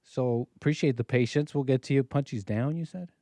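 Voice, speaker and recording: A man's voice: mid-range voice, brisk, warm tone, dry recording. Male live-stream host, casual and rambling, mid-range voice, dry close-mic sound. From United States. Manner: chatty, jumps between topics. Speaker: livestream host.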